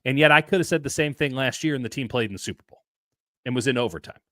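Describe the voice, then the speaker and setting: A man's voice: mid-range voice, fast talker, bright, forceful tone, dry recording, studio quality. A man co-hosting a postgame sports analysis show, blunt and emphatic, stumbling over restarts as he builds an argument. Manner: emphatic, blunt, repeats himself when revving up. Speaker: sports columnist co-host.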